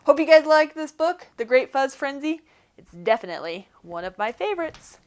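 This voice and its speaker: A woman, a teacher, reading a children's picture book aloud in an expressive storytelling manner. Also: high-pitched, moderate pace.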